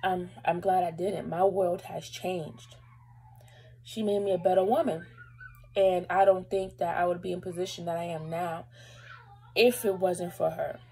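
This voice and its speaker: Husky young woman telling a personal story. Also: fairly low pitch, little pitch movement, unhurried, dark tone, poor audio. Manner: emotional, holding back tears; rambling, lots of fillers. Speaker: vlogger. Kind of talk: casual storytelling to camera.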